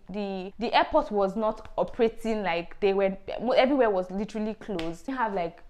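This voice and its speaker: A young woman from Nigeria, telling a personal testimony in an earnest, emotional vlog style with many fillers. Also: mid-range voice. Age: young adult. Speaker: vlogger.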